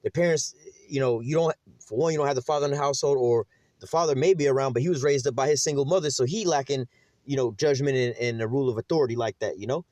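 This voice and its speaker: A man's voice: medium pitch, fast talker, a little mellow, no room sound. A man teaching a casual Bible lesson in a conversational, emphatic way, full of fillers.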